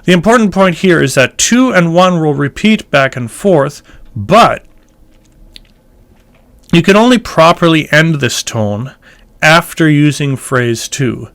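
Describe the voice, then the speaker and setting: Male chant teacher, casual explainer, smooth resonant tone, slightly high voice, sings short examples. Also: animated, slow, fairly bright tone. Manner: explains thoughtfully, breaks into chanted phrases. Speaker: church music teacher. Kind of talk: casual instructional talk with sung examples.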